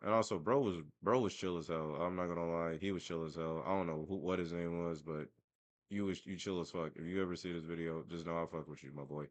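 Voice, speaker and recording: Deep-voiced young man ranting. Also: fairly even intonation, quick pace, dry recording. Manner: profane, rambling, self-mocking. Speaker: vlogger. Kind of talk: casual storytelling rant.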